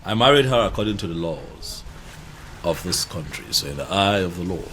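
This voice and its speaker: A man's voice: low-pitched, animated, fairly quick, bright, forceful tone, a little hiss or hum. An actor with a Nigerian English accent playing a confident, newly married man. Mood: defiant. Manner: confident, boastful. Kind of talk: film acting. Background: music.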